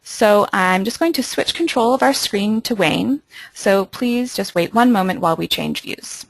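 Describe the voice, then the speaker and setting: A woman hosting a webinar with a gravelly edge to her voice, reading a formal introduction. The sound is dry and close. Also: medium pitch, animated, normal speed, no room sound, low-quality recording. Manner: formal, scripted. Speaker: webinar moderator.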